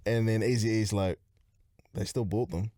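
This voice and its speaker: A man's voice: fairly low pitch, steady tone, measured pace, dark tone, no room sound, studio quality. A man, a podcast guest chatting casually, laid-back and calling people "bro". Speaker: podcast guest, content creator. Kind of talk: casual chat.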